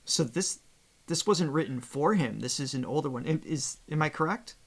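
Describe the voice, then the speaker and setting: A man hosting as a vocal coach in a casual reaction chat over a video call, talkative and quick to laugh. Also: fairly high pitch, expressive. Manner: chatty, laughs often.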